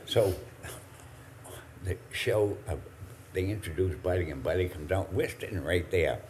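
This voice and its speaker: A man in his eighties with a very deep, low voice tells rambling, halting anecdotes. He stumbles, restarts and chuckles along as he goes. A faint hiss sits behind him. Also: a little mellow. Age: 80s. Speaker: guest, drumstick maker. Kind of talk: anecdotal storytelling.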